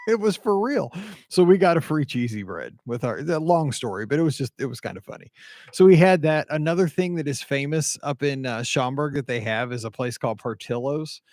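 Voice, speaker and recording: A middle-aged man from the American Midwest, hosting a podcast and telling a rambling, animated story full of asides and quoted dialogue. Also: mid-range voice, brisk, no echo. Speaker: podcast host. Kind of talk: casual storytelling monologue.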